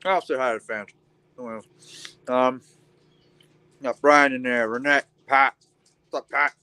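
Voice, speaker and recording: A man's voice: mid-range voice, steady tone, measured pace, bright, forceful tone, smooth, no echo, low-quality recording. A young man hosting a casual trucker chat room, talking in a laid-back way with lots of ums and casual swearing.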